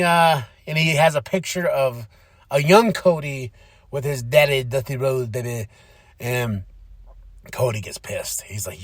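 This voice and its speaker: A man's voice: medium pitch, measured pace, no echo. A man hosting a podcast, casually recapping a wrestling show and acting out the wrestlers' lines. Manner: animated, acts out quotes in shifting voices. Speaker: podcast host.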